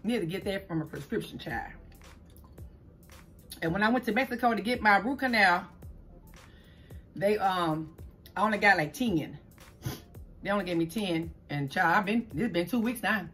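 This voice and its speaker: A middle-aged woman from New Orleans with a Southern accent, chatting fast and stumbling over her words as she tells a story while eating on camera at home. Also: mid-range voice, fairly bright tone, faint music behind. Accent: Southern US, New Orleans tinge. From New Orleans, Louisiana. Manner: talks fast, stumbles over words, calls listeners "child". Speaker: mukbang vlogger host. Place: indoors at home, green screen.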